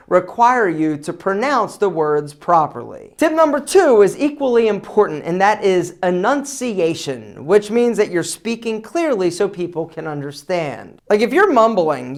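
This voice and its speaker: A man hosts an advice vlog, speaking straight to the viewer. His delivery is energetic and emphatic, and his pitch swings widely as he punches out his points. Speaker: men's style channel host. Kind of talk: casual advice vlog to camera.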